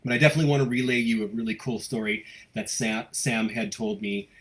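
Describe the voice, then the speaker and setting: A man with a fairly low voice hosts a live local news stream from home. He chats casually, reads out viewer comments, and stammers through his thoughts with plenty of ums and restarts. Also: steady tone, a bit bright. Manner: halting, many fillers and restarts. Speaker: host of a local news livestream.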